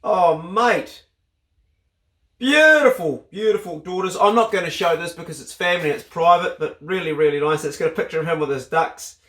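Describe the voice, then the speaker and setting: Excitable New Zealand man vlogging. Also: a little high, a little fast, few pauses, reverberant. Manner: excitable, swears freely, bursts into loud exclamations. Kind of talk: casual vlog unboxing.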